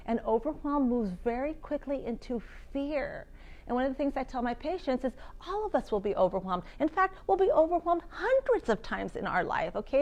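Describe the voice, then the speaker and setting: Animated woman giving a health talk. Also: fairly high pitch. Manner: animated, acts out quoted voices and self-talk; frequent restarts and repeated words. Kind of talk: health seminar presentation.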